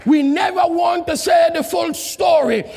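A male pastor preaches in a large church hall, shouting questions to the congregation in a call-and-response style with non-native grammar. His voice is very high-pitched, gravelly and unhurried, with soft music underneath. Long hall reverb carries the sound, and the congregation is faint.

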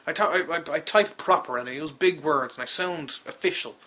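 This is a young man with an Irish accent, telling a casual, rambling story about his job. His voice is bright and forceful. He is exasperated and profane, and he keeps stumbling and restarting as he rants. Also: a little high, fairly quick. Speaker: call centre worker telling a story. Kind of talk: casual spoken anecdote.

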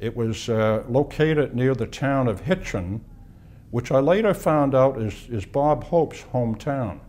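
A man in his eighties from Boston recounts his memories for an oral history interview. His voice is mellow and soft, and he tells his stories unhurriedly, pausing and restarting as he recalls details. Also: mid-range voice, lively intonation. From Boston, USA. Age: 80s. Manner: unhurried reminiscing with pauses and restarts. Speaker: interviewee, war veteran.

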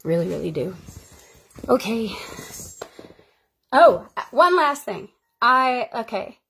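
A woman's voice: medium pitch, a bit bright, slightly rough. A woman who is an actor, chatting casually on her live stream in a rambling, heartfelt way. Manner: rambling, heartfelt and chatty, with frequent fillers and bursts of laughter.

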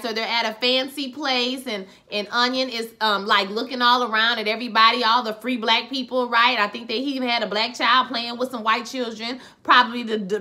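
Woman vlogger, chatty and slangy episode reviewer; bright, punchy tone. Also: on the high side. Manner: animated, slangy, talks straight to viewers. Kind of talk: casual recap vlog.

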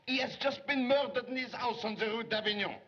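An actor playing an eager, excitable young male police secretary who gets flustered and theatrical, in 1930s film acting. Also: extremely high pitch, brisk. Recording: dull lo-fi 1930s film soundtrack.

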